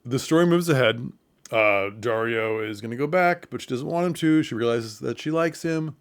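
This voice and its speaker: A man casually retelling a comedy film's plot for theatre makers, with chuckles and quick put-on voices for the characters. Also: smooth. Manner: animated retelling, quick falsetto bits for quoted characters; chuckles through the telling. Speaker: theatre commentator. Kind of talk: casual film recap.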